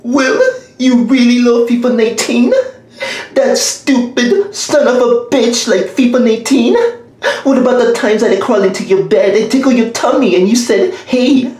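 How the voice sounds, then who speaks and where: A woman's voice: fairly high pitch, moderate pace, darkish tone, natural voice. A woman voicing a jilted video game as a clingy female lover, pleading and melodramatic, in a comedy voiceover skit. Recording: very echoey room.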